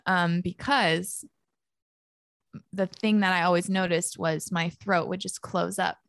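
A woman's voice: on the low side, fairly even intonation, slow pace, gravelly, fairly bright tone, no room sound, studio quality. A young woman talking casually as a podcast guest. She is chatty, says "like" a lot and laughs often. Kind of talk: casual conversation.

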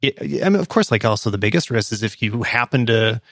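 A man's voice: on the low side, expressive, fast talker, fairly bright tone, no room sound, studio quality. A man hosting a podcast, chatting casually and agreeing easily. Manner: agreeable, short affirmations. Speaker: podcast host. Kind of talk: casual conversation.

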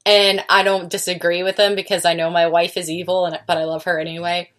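A woman's voice: fairly low pitch, level tone, a little fast, fairly bright tone. A young woman co-hosting a podcast on her computer mic, chatty, laughing often and swearing casually. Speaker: podcast co-host. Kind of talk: casual chat. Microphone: computer microphone.

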